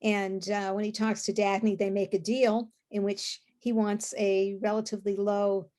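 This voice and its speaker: A woman's voice: mid-range voice, level tone, normal speed, warm tone. Thoughtful woman explaining a novel. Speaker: co-host discussing a novel. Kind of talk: casual podcast discussion.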